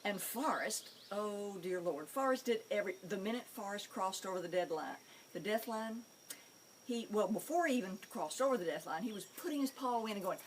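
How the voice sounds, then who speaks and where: Animated woman telling pet stories. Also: medium pitch, fairly quick, a little hiss or hum. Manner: animated, amused storytelling. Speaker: pet psychic show host. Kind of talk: storytelling monologue.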